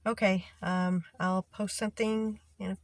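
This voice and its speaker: A woman's voice: mid-range voice, level tone, unhurried, no room sound. A middle-aged woman casually telling a story about a bad boss to her viewers, acting out what people said in an exasperated way. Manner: exasperated, acts out quoted voices. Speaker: vlogger telling a work story.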